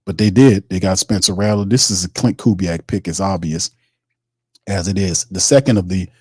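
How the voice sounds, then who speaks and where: A male sports stream host, talking in a loose, slangy way as he reads viewer comments and reviews draft picks. His voice is husky and a little low, and the recording is dry and close. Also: moderate pace, darkish tone, no room sound. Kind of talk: live sports stream commentary reading chat.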